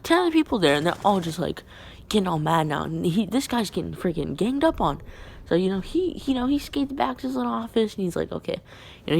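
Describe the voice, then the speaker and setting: A woman's voice: medium pitch, creaky, a little hiss or hum. A woman telling a casual storytime vlog, rambling with lots of fillers and slang.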